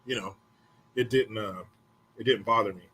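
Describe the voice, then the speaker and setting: A middle-aged man casually telling profane, animated stories from his school days, acting out what others said. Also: on the low side, moderate pace, husky. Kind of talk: casual storytelling.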